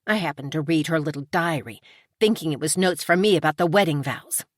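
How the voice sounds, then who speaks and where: A spoiled young starlet, read by a woman narrator, haughty and dismissive. The voice sits low and close in a dry audiobook recording. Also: a little fast, dry recording, natural voice. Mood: snide.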